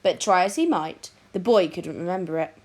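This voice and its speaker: A woman reading a children's book aloud with expressive, dramatic storytelling. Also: fairly low pitch, moderate pace.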